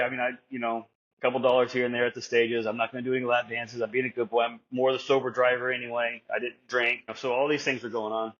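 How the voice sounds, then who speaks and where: A man's voice: mid-range voice, a bit bright, muffled recording. A man co-hosting a podcast, telling a story in a rambling, self-deprecating way. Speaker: podcast co-host. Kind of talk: candid podcast conversation.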